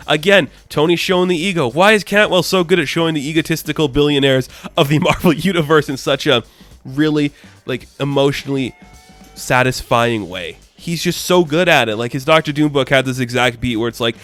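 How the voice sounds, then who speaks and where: A man's voice: medium pitch, brisk, a bit bright. Enthusiastic man recapping a comic. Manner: enthusiastic, chatty, casual swearing, frequent laughs. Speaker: comic book reviewer. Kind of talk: casual comic book recap.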